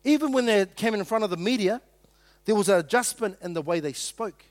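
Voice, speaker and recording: A man's voice: sits high, animated, a little fast, no room sound. A middle-aged man preaching a sermon in a conversational, joking way, acting out quotes. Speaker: pastor.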